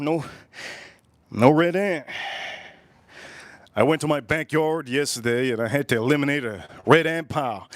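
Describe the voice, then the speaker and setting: A man's voice: a little high, no room sound. Rambling middle-aged male livestream host. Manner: rambling, repeats phrases, addresses viewers directly. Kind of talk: casual livestream chat. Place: at home.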